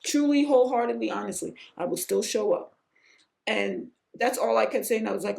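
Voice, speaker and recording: A woman hosting her own podcast, telling a personal story in an earnest, emotional way that sometimes rises almost to a shout. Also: a little fast, creaky. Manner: emotional, earnest, rising to near-shouts at high points; breaks off to hush a pet in a low, quiet voice. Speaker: podcast host.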